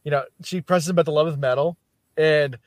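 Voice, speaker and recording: A man's voice: fairly high pitch, steady tone, fast, no room sound, clean studio sound. A man co-hosting a casual book podcast, retelling scenes loosely with lots of "you know" and "like". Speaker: podcast co-host. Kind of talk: casual book discussion chat.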